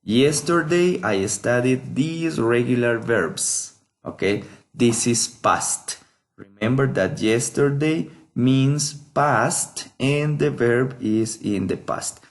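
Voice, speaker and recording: Slow, patient male teacher. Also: mid-range voice. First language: Spanish. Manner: slow, patient, repeats each word for pronunciation. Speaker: English teacher. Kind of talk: workbook lesson walkthrough.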